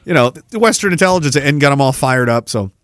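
A man hosting a livestream in a casual, rambling and profane way, quick to flare up and cursing between stretches of chatter. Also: mid-range voice, lively intonation, a bit bright, dry recording, clean studio sound. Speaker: livestream host.

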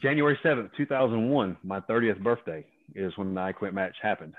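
A man in his fifties, a former wrestler, telling profane, animated stories as a guest and acting out other people's lines. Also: lowish voice, a little fast, no echo. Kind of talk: casual storytelling. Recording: dry tinny phone line.

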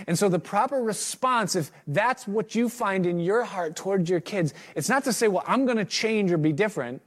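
Middle-aged male preacher, earnest, slightly raised pitch, sermon delivery. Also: animated, normal speed. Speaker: pastor. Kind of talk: sermon with a read-aloud excerpt.

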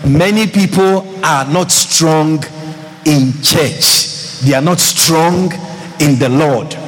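A man's voice: a little high, slow pace. A man preaching a sermon as pastor, calling out to the congregation and repeating phrases for emphasis. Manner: lively preaching with calls to the congregation. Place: church hall. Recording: long hall reverb, faint ambience.

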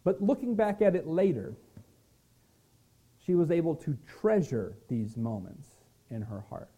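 A man preaching a sermon as pastor, earnest and gentle, sometimes stumbling over a word and restarting. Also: fairly high pitch, expressive, unhurried, slightly rough.

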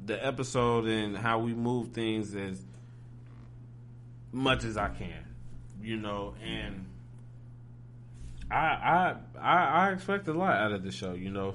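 A man's voice: fairly low pitch, fairly bright tone, a little hiss or hum. A man from Ohio hosting a podcast, talking in a laid-back, slangy casual chat style, often asking "you feel me". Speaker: podcast host.

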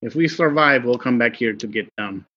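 A man's voice: medium pitch, normal speed. A man playing a tabletop game, tossing out joking asides in casual talk. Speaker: player. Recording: dull lo-fi sound.

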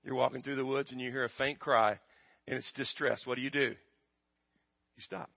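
A man with a medium-pitched, creaky voice and steady tone delivers a sermon at a moderate pace, speaking with an American accent. As a pastor, he quizzes his congregation and lets them answer, his volume swelling and receding in call-and-response. The sound quality is dull and lo-fi.

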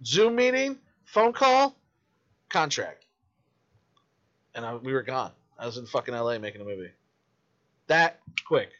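Profane, animated man on a lo-fi podcast. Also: medium pitch, unhurried, long pauses. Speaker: independent filmmaker. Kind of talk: casual podcast chat.

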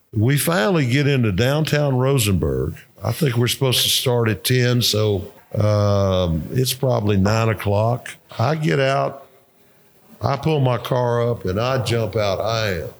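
A man's voice: medium pitch, gravelly, a little hiss or hum. An older man telling profane, laughing coaching stories in casual conversation. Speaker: retired football coach, guest. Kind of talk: casual storytelling.

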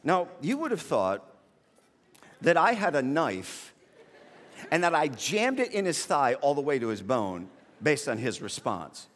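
A man preaching a sermon, animated and joking, often restarting with repeated words as he tells a family story. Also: a little high, a little slow, pauses often. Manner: animated, repetitive starts, comic exaggeration. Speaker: pastor. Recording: long reverb of a large hall.

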